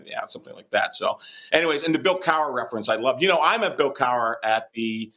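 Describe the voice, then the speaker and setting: A middle-aged man talks quickly as a guest comedian, spinning loose anecdotes. His voice has a bright, forceful edge. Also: medium pitch. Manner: fast, animated storyteller. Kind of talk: casual chat.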